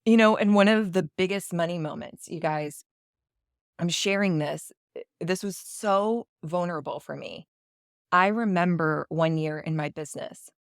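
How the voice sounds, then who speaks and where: A woman with a lowish voice talks straight to her podcast listeners in a confessional, storytelling way. She acts out what she and others said along the way. The sound is dry and close, with no room around it. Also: dry recording. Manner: candid, confessional, acts out quoted dialogue. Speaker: podcast host. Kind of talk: personal storytelling monologue.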